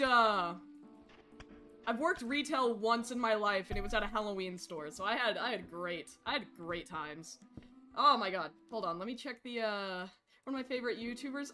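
A woman streams a horror game with a bright, piercing voice. She shouts and swears at the game characters and then drops into quiet asides, with faint music underneath. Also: medium pitch. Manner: rapid swings to quiet asides.

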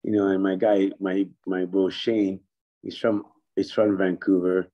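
A man's voice: deep voice, little pitch movement, measured pace, dull audio. A man telling stories on a podcast as a guest, laughing often and swearing freely. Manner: laughing, profane storyteller. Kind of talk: casual storytelling chat.

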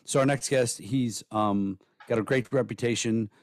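A man co-hosting a casual podcast, rambling and blunt with plenty of swearing, his voice worn hoarse from days of nonstop talking. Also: mid-range voice, fairly even intonation, normal speed, no room sound. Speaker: podcast co-host.

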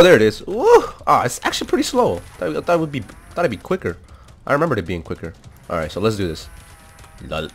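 Excitable young man, lively low voice. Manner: excitable, swears, laughs often, repeats words. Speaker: gaming commentator. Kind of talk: casual gameplay commentary. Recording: faint background music.

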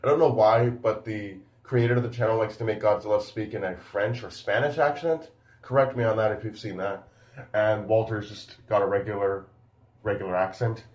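A man's voice: fairly low pitch, fairly even intonation, moderate pace, a little mellow, muffled recording. Rambling man in an echoey room. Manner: rambling and enthusiastic, many fillers and restarts. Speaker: YouTube reviewer. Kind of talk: casual video commentary.

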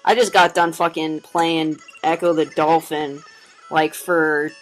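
Over faint background music on a rough recording, a young woman plays a game and talks to viewers in a low, level voice, taking things slowly. Her let's play commentary is casual and chatty, full of laughter and free swearing.

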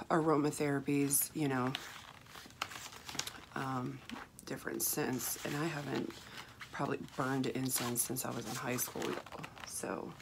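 A woman talks softly and casually, rambling through fillers and restarts. Her voice sits low and has a rough, froggy grain. A clear hiss runs under her voice, along with the crinkle of packaging. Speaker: craft haul vlogger. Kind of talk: casual chat.

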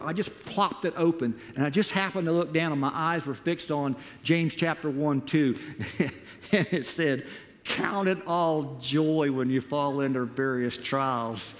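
Speaking at a normal pace in a voice on the high side, this American missionary shares his own story from a church pulpit. He animates it by acting out things he once said, and the large auditorium adds long reverb.

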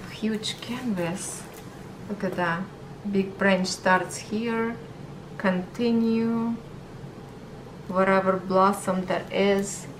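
A woman's voice: mid-range voice, far from the mic, a little hiss or hum, low-quality recording. A woman hosting a casual unboxing vlog about diamond painting, gushing and chatty.

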